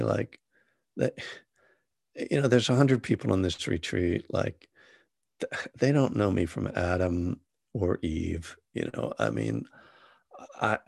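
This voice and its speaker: Very gravelly, low-voiced man. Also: lively intonation, slow, pauses often, a little mellow, no echo, clean studio sound. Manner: rambling, self-deprecating, many fillers and restarts. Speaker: author. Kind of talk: casual personal storytelling.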